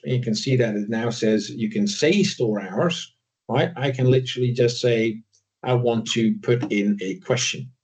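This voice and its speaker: A man giving a casual screen-share software walkthrough, thinking aloud with frequent fillers and tag questions. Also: mid-range voice. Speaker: presenter demoing software.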